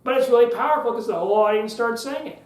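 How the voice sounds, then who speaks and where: A man giving a public speaking lesson on a podcast, explaining clearly and stretching words for emphasis. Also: very high-pitched, fast, a little mellow, roomy sound, low-quality recording. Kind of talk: podcast teaching talk.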